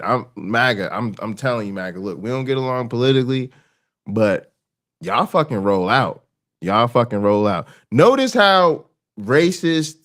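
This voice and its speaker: A man hosts a casual reaction livestream, animated and profane. He shifts between low, quiet murmurs and fast, excited rants.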